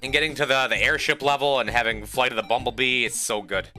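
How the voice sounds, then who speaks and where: A man's voice: medium pitch, fairly even intonation, quick pace, sharp tone. A sleep-deprived man streaming and chatting casually with his viewers, rambling and repeating words. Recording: music playing behind the voice. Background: game music.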